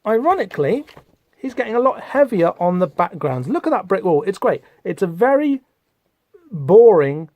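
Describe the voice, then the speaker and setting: A man's voice: sits high, sing-song, normal speed, darkish tone, dry recording. Man discussing comics, dry close sound. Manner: thoughtful, digressive, many fillers. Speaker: podcast host. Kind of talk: comic book discussion podcast.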